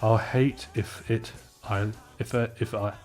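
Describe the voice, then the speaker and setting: A gentle young princess, as a man reads her lines from a comic. She speaks softly and wistfully, slow and low, with little change from the reader's own voice. Faint music sits behind. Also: steady tone, natural voice.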